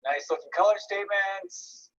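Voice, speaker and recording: Man, painting instructor on a video call, somewhat high voice, muffled audio, easygoing critique with lots of restarts. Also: normal speed. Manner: relaxed, encouraging, thinks aloud with restarts. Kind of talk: live online art class critique.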